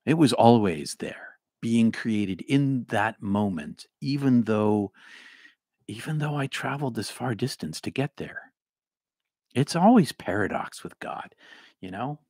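Lively middle-aged man with faint Boston accent. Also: on the low side, vocal fry, husky, no room sound, studio quality. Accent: Boston, mostly trained out. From Boston area. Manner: animated, rambling, repeats words and restarts. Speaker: host reading viewer comments. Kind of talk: casual livestream talk.

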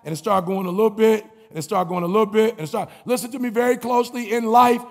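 A man giving an energetic motivational commencement speech in a call-and-response style, with playful sound effects. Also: sits high, quick pace, gravelly, in a large hall. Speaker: motivational speaker.

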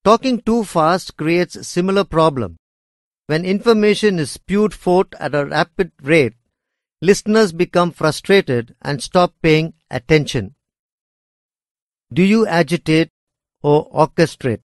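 Man, instructor, unhurried lesson narration, fairly high voice, dry close sound. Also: animated, no echo. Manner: measured, deliberate reading.

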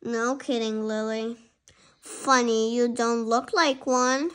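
A young reader voicing a tiger who is frank and gently teasing, speaking in a dry, matter-of-fact way during a storybook read-aloud. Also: mid-range voice, fairly even intonation, slow pace, smooth.

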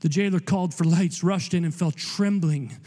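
A man preaching as a guest pastor, animated and conversational, with playful asides. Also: sits high, normal speed. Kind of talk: sermon. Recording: long hall reverb.

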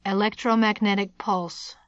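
A composed woman speaks with calm, cold strength, her voice set a little lower and quieter than the narration, as an audiobook reader puts her on. Dry, close sound. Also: a little slow, dry recording, dull audio, lightly acted. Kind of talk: audiobook character voice.

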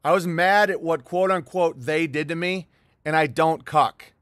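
Middle-aged male stream host, fairly high voice, dry close sound, heated profane rambling. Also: a little slow, a bit bright, no echo. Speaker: livestream host. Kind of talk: rambling livestream monologue reading viewer chats.

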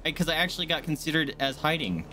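A young man streaming a game live, swearing and panicking in excitable outbursts. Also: fairly high pitch, fast talker, background noise. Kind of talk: live gameplay commentary.

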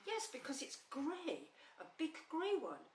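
A woman voicing a simple, kindly teddy bear who talks in a gentle, earnest way. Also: sits high, wildly swooping pitch, measured pace, pitched above the performer's own voice, heavily acted. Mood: eager. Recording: roomy, slightly distant, faint hum.

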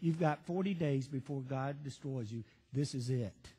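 A man's voice: sits high, expressive, measured pace, a bit bright, exaggerated voice. A preacher acting out a bitter, resentful male prophet in a sermon story, with a grudging, resentful delivery. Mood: sullen mutter. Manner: grudging mutter, then furious ranting. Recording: reverberant church hall.

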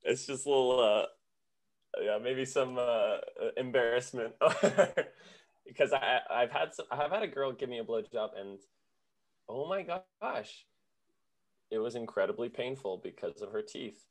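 A man's voice: medium pitch, moderate pace. A man talking as a guest in a casual chat, sheepish and laughing as he speaks.

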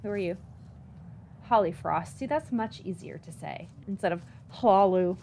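A young adult woman talking through a video game, chatty and self-deprecating, reacting out loud as she plays. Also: mid-range voice, measured pace. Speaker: gaming YouTuber. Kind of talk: casual let's-play commentary. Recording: faint background noise.

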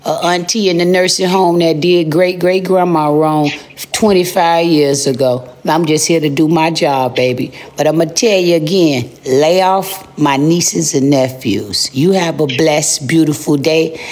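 A woman hosting a live stream, roasting the person on the phone in a sassy, scolding way with drawn-out emphasis. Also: sits low, darkish tone. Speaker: live-stream host making prank calls. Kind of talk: brash comic phone roasting.

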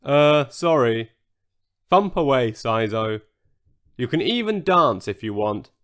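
A man's voice: mid-range voice, expressive, takes it slowly, a bit bright, clear, resonant tone. A man doing a grumpy whiny dinosaur. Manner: cross and whiny. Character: grumpy, complaining male dinosaur.

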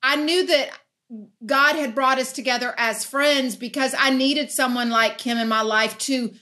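A woman with a high, bright voice talks about friendship in a casual chat. She is gentle and reflective, and sometimes a little hesitant. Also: fairly even intonation, measured pace. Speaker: guest, longtime friend.

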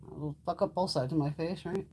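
A woman's voice: low voice, fast, mellow, a little hiss or hum. A middle-aged woman chatting casually while hosting a beauty livestream, swearing freely and laughing often. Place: home makeup room.

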